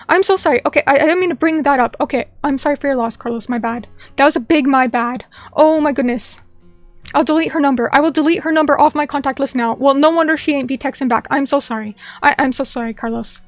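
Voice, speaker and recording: A young woman streamer chatting casually with viewers, rambling with many fillers and quick apologies. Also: high voice, dry recording. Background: faint background music.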